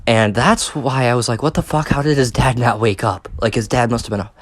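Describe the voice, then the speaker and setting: A man's voice: medium pitch, fairly quick, dry recording. A young man telling a casual storytime, rambling and swearing with many fillers and restarts. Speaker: vlogger.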